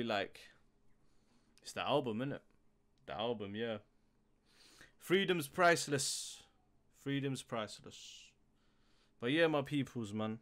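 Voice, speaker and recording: A young man talks through a music reaction in loose, slang-heavy street speech. His voice sits at an everyday middle pitch and keeps jumping into loud, hyped bursts. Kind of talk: casual reaction commentary.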